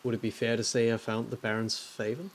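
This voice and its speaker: A man's voice: medium pitch, completely flat delivery, fast, a little hiss or hum, close to an everyday voice. A man reading the part of a curious, polite young monastery artist aloud from a game, in his own plain voice. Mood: calm.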